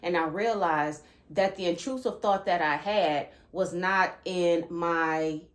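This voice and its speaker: A woman hosting her own channel, talking earnestly about spiritual experiences and often checking in with listeners by asking "okay?". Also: on the low side. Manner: animated and emphatic when recounting disturbing thoughts. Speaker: channel host. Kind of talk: earnest spiritual vlog talk.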